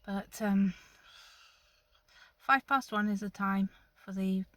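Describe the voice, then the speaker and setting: A woman's voice: medium pitch, takes it slowly, no echo. Nervous, chatty woman in her 60s. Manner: rambling, chatty, openly nervous. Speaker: vlogger. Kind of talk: casual talk to camera. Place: inside a car. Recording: dull audio with loud vehicle noise.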